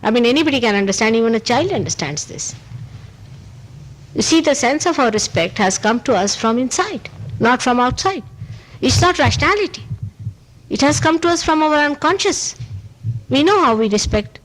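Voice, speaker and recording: An Indian-accented spiritual teacher gives an unscripted talk preserved on a low-quality old tape, emphatically answering questions. At a moderate pace with long pauses, she speaks animatedly in short, repeated phrases, pitch rising on key points and "you see" recurring throughout.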